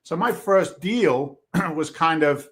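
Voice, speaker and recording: A man's voice: fairly high pitch, lively intonation, takes it slowly, fairly bright tone. A middle-aged man with a Boston accent, a podcast guest telling stories with energy, acting out the quoted lines and swearing casually. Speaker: podcast guest, real estate investor. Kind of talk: animated storytelling in conversation.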